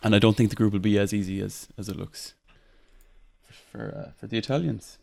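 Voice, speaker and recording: Young Irish male podcast host, low-pitched, chatty and rambling, dry close recording. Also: fairly quick, gravelly, mellow, dry recording. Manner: chatty, laughs often, many fillers and restarts. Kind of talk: casual football podcast chat.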